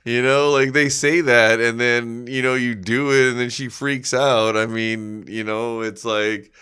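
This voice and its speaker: A man's voice: mid-range voice, steady tone, measured pace, sharp tone, clean tone. A man co-hosting a comedy podcast, trading crude banter, laughing often and swearing as he rambles with fillers. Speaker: podcast co-host.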